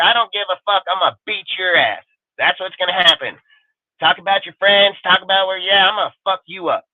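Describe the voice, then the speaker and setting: A man's voice: high voice, steady tone, fast talker, no room sound. A male sports talk host on a panel show, ranting with aggressive, boastful and profane insults. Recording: dry tinny phone-like sound.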